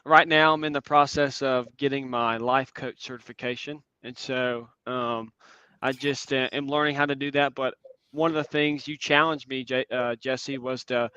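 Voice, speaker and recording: A man in his twenties giving an earnest, reflective conference talk and answering questions, often pausing with "um". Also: medium pitch, fairly even intonation, bright, forceful tone, clear, resonant tone, no echo. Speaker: conference speaker. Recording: dull lo-fi sound.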